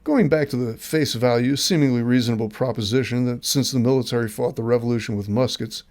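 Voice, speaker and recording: Earnest man reading political commentary, mellow. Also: mid-range voice, fast. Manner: earnest, emphatic read with rhetorical questions. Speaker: host. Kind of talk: scripted commentary.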